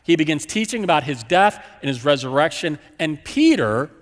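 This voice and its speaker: A man's voice: a little high, sing-song, moderate pace, long reverb tail. A man preaching a sermon as a pastor, telling the story with emphatic, repeated phrases.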